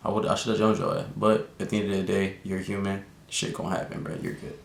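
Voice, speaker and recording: A young man telling a casual storytime vlog, slangy and animated, with lots of fillers. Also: quick pace, gravelly. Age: young adult. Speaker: vlogger. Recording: echoey room with faint rumble.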